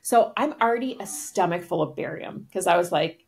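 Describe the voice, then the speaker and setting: A woman's voice: on the low side, lively intonation, a little fast, creaky, hardly any pauses. A woman podcast co-host in casual chat, telling a story animatedly and acting out both sides of the exchange, with lots of "like" fillers. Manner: frequent "like" fillers.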